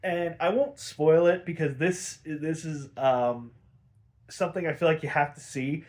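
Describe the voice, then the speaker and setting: A man's voice: on the high side, steady tone, unhurried, a little mellow. A young man casually recapping a cartoon episode, rambling, swearing often and getting worked up. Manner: profane, gets worked up and exasperated; rambling with many "like" fillers. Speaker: show recap host.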